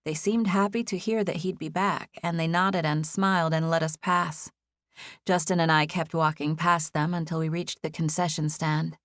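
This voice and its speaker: A woman with a lowish voice reads a first-person novel aloud in a gentle, expressive way. The recording is close and dry, with no room sound, and she stays measured and warm in her storytelling. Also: dry recording. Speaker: audiobook narrator. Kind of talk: scripted first-person narration.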